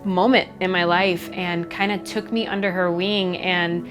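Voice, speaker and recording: Candid young woman with a low voice. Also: flat delivery. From Chicago, USA. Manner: candid, reflective, halting with frequent fillers. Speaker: MMA fighter. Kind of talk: documentary interview, personal story. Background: faint background music.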